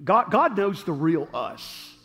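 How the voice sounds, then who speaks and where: A man preaching a sermon, moving between shouts and hushed, slow moments. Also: high voice, faint music behind. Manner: animated call-and-response preaching, swings from shouting to hushed. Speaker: pastor. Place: church sanctuary. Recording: long reverb of a large hall.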